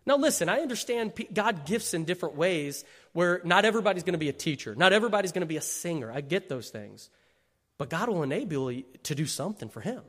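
A man preaching in a church, his voice sitting high and swinging widely as he jokes and laughs through a story. He keeps turning to the congregation for an amen. The sound rings out with the long reverb of a large hall. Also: sing-song, quick pace, fairly bright tone. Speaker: pastor. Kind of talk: sermon. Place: church sanctuary.

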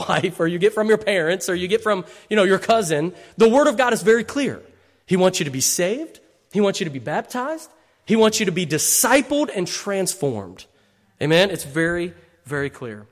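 A man's voice: sits high, in a large hall. A man preaching a sermon as pastor, telling a humorous story with laughs and calling out to the congregation for an amen. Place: church sanctuary.

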